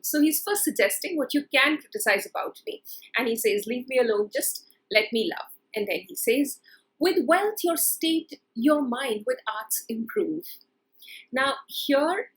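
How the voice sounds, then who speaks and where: A woman lecturing on a poem, paraphrasing its lines in plain speech with frequent pauses and fillers. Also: high-pitched, fairly bright tone, rough recording. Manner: frequent fillers and restarts while explaining. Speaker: literature lecturer. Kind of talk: explanatory poetry lecture.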